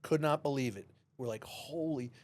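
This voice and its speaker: Fast-talking New man telling a story. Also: mid-range voice. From New York City. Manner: animated storyteller, acts out dialogue, many restarts. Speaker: guest, former police officer. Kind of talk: storytelling in a podcast interview.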